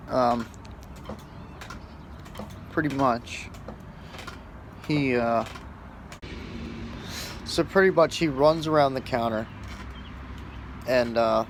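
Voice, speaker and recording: Casual talker: a man, blunt and foul-mouthed, rambling storytelling, middle pitch, faint background noise. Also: vocal fry. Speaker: store shift supervisor.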